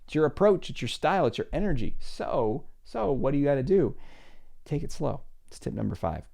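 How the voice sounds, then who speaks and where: A man's voice: medium pitch, sing-song, a little fast, creaky, warm tone. A middle-aged man hosting a solo advice podcast as a psychologist, talking animatedly and acting out little dialogues in different voices.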